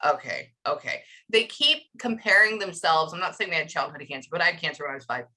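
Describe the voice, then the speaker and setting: A woman's voice: low voice, animated, quick pace, pushed and bright, low-quality recording. A woman giving a medium reading to clients, talking in a rambling, emotional way with lots of fillers. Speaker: psychic medium.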